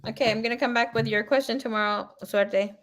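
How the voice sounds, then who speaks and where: A woman's voice: on the high side, fairly even intonation, fairly quick, fairly bright tone. A woman tarot reader chatting casually on a livestream, telling rambling stories full of swearing and laughter. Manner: chatty, profane storytelling; laughs often.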